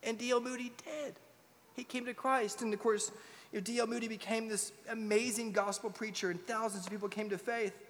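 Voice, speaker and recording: A man preaching a sermon as pastor, firing rhetorical questions and swinging from loud urgency to hushed tones. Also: sits high, fairly even intonation, brisk. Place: church sanctuary. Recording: long reverb in a large hall.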